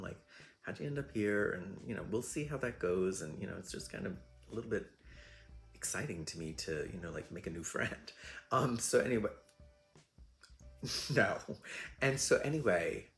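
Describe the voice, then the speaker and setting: A man's voice: low voice, vocal fry. A man hosting his own show, telling rambling, self-deprecating stories in a chatty way with lots of fillers. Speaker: host. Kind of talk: casual storytelling monologue.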